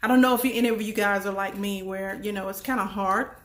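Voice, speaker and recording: A woman's voice: medium pitch, fairly even intonation, fairly quick. A woman giving a motivational talk to her audience, emphatic and folksy, repeating her points and asking listeners questions. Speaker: motivational speaker. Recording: roomy echo.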